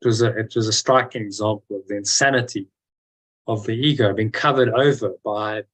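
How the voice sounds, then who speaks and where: A man leading a relaxed spiritual study discussion, talking conversationally with frequent fillers and restarts. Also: on the low side, brisk, low-quality recording. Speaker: discussion leader.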